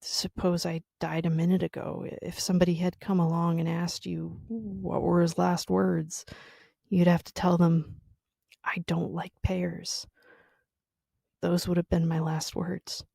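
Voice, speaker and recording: A woman reading aloud, voicing a wounded man who talks wryly and quietly about his possible last words. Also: lowish voice, flat delivery, a little slow, creaky, breathy edge, dry recording, studio quality, full character voice. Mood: wry, brooding.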